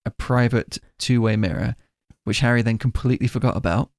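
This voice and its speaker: A man's voice: mid-range voice, steady tone, brisk, a little mellow, dry recording. A man in a casual podcast chat, making dry, teasing jokes about a film. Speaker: podcast co-host.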